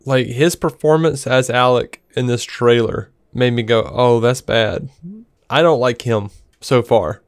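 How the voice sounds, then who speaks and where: A man's voice: mid-range voice, measured pace, dry recording, studio quality. A man co-hosting a podcast, chatting casually, blunt and sarcastic, often laughing. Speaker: podcast co-host. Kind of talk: casual chat.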